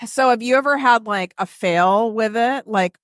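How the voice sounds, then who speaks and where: A woman's voice: fairly high pitch, normal speed, no echo, clean studio sound. A woman co-hosting a podcast in casual chat, telling stories in a chatty way, full of "like". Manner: chatty, filler-heavy storytelling with frequent "like". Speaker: podcast co-host.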